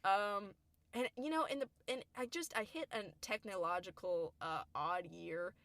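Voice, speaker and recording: A woman's voice: medium pitch, normal speed, no echo. Young woman, chatty storyteller, dry close mic. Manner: chatty, laughs often, lively retelling. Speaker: podcast co-host. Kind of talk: casual storytelling chat.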